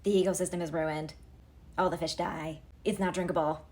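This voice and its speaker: A woman's voice: lowish voice, steady tone, moderate pace, a little mellow. A woman giving a comedic retelling to camera, wry and sarcastic, full of pop-culture asides. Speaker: comedic storyteller.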